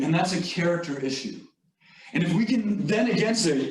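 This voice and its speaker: A man's voice: high voice, lively intonation, brisk, slight background noise. A man giving a motivational leadership talk, telling stories earnestly with light humor. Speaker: leadership facilitator. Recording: echoey room, distant mic.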